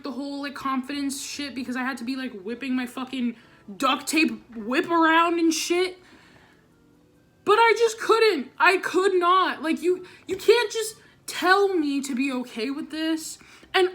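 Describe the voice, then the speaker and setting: A young woman vlogger telling a storytime about school, animated and swearing, acting out what people said. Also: high voice. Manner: animated, swearing, dramatic re-enactments. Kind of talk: storytime vlog.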